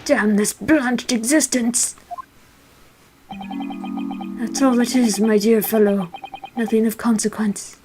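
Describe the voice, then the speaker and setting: A woman's voice: fairly high pitch, steady tone, slow, long pauses, noisy background. A woman voicing a melancholy, eccentric male detective who declaims his gloom dramatically. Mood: despairing.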